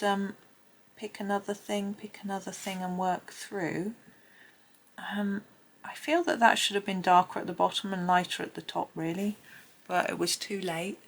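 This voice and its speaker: A woman talking casually through a colouring tutorial as she works, thinking aloud and sometimes dropping to a murmur. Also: fairly low pitch. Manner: chatty, thinks aloud, drops to a murmur now and then.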